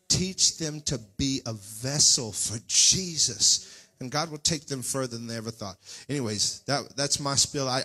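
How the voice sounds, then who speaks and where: A man pastor talks straight to his congregation in a church sanctuary, giving a folksy, fervent Pentecostal sermon that occasionally climbs into near-singing cries. His pitch is medium and his tone sharp.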